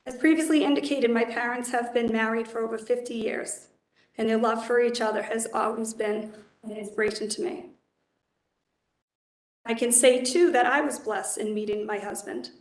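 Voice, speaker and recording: A woman in her fifties giving earnest, measured, formal testimony as a judicial nominee at a hearing. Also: fairly high pitch, fairly even intonation. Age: 50s. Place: council hearing chamber. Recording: echoey hearing room.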